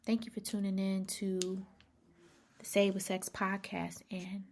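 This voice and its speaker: Woman podcast host, husky rasp, emphatic heart-to-heart talk that repeats itself for weight, slips into hushed asides. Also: medium pitch, monotone, unhurried. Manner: emphatic, repeats key phrases, dips into near-whispers. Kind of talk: casual motivational monologue.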